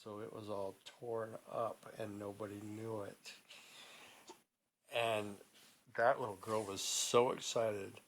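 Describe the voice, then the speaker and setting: A man making up a story for a child, narrating with lively expression and stopping often to ask her questions. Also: fairly low pitch, takes it slowly, slight background noise, rough recording. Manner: animated, asks the listener questions, laughs along.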